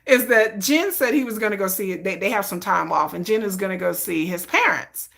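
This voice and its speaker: A woman's voice: mid-range voice, brisk, creaky, fairly bright tone. A woman hosting a live stream, chatting casually and rambling through her fan fiction with frequent restarts.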